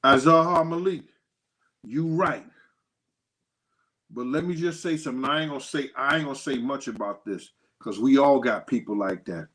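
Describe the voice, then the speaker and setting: A man hosting a casual livestream, telling stories with animated quoted dialogue and thanking viewers by name. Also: medium pitch, normal speed. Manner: animated storytelling, acts out quotes in a raised voice. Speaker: host.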